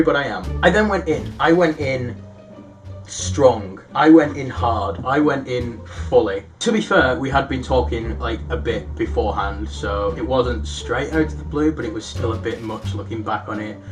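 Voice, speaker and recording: A young man telling self-deprecating stories in a casual vlog, reading out his own old messages with animated, rising delivery. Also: medium pitch, moderate pace, soft background music. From United Kingdom. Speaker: YouTuber.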